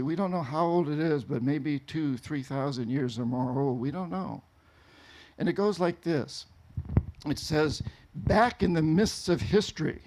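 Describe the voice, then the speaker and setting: A man from New England telling a travel story to an audience in an animated way, laughing often. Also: a little high. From New England, USA. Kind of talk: storytelling talk.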